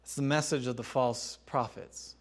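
A man's voice: mid-range voice, steady tone, moderate pace. Conversational man preaching a sermon. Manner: conversational, emphatic with repeated phrases; laughs and clears throat between points.

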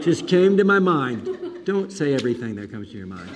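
A man, a preacher, telling a personal story in an animated way with self-mocking asides. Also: medium pitch, moderate pace, noisy background. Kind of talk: anecdotal storytelling.

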